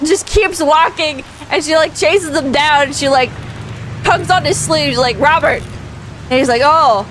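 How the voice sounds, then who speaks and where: A woman casually telling a long story on a stream, animated, laughing often and swearing freely. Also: sits high, slight background noise, rough recording.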